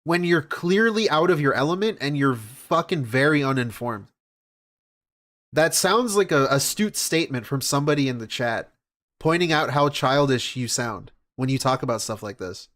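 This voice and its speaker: A man's voice: medium pitch, animated, normal speed, a bit bright. A man hosting a reaction stream, giving sarcastic, mocking, profane commentary on a clip. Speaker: reaction host.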